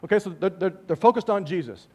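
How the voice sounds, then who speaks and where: High-voiced animated male preacher. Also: quick pace, slightly rough. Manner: animated, dropping to hushed tones for emphasis; speaks to the congregation directly with rhetorical questions. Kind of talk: sermon.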